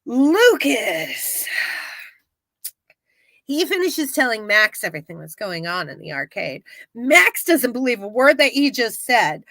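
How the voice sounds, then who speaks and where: High, bright-voiced woman, unhurried. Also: big pitch swings, no echo. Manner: profane, laughs often while retelling. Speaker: podcast co-host recapping a show. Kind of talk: casual recap chat.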